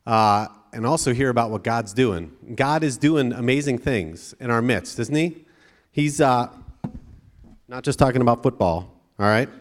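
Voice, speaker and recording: A pastor preaching to students in a chatty way, often checking in with the crowd by asking "right?". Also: male voice, medium pitch, lively intonation, normal speed, in a large hall. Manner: conversational, frequent tag questions. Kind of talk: sermon to students.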